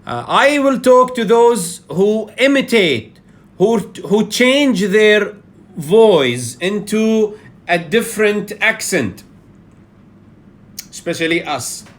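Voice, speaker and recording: A man from Bahrain with a Bahraini accent speaks slowly in a high-pitched voice while lecturing on public speaking. He's animated, uses frequent fillers, and often says "yeah" to check in with listeners.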